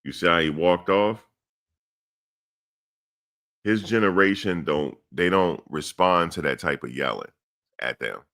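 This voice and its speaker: Here a middle-aged man, a sports commentary host, rants bluntly and blusterously, circling back to the same points while talking to the audience directly. His deep voice is a bit bright, and he speaks a little slowly with frequent pauses.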